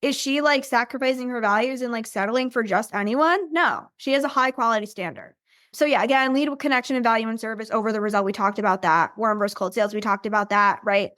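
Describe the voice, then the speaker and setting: A woman's voice: fairly high pitch, quick pace, fairly bright tone, no room sound, studio quality. A woman business coach giving an upbeat, chatty training and constantly checking in with "right?". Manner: acts out invitees in bubbly voices.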